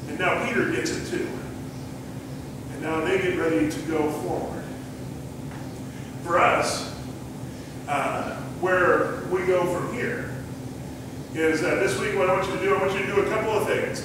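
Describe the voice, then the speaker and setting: A man's voice: high voice, moderate pace, noisy background. A male pastor preaching a sermon in a conversational way, retelling scripture as a story in plain everyday words. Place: church sanctuary. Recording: echoey church hall from a distant mic.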